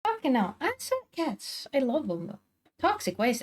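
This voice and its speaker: A woman's voice: sits high, sing-song, a little slow, darkish tone, a little hiss or hum. A woman streaming from home on a desk microphone, chatting casually with her viewers while drawing and calling out to her cats. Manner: chatty, talks to her cats and to chat, teasing indignation. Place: home, indoors.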